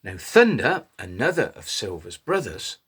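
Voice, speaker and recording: A man telling a children's story in an animated way, inviting little listeners to join in. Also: lowish voice, moderate pace, husky. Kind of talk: interactive children's story reading.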